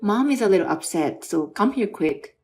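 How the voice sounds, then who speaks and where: A woman plays a husband who leans on his wife with pleading requests and offhand dismissals. The pitch sits at a middle height and the delivery stays unforced. Soft music runs quietly beneath. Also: lively intonation, normal speed, natural voice. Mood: dismissive. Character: adult male husband, demanding and evasive. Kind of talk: dramatized story reading.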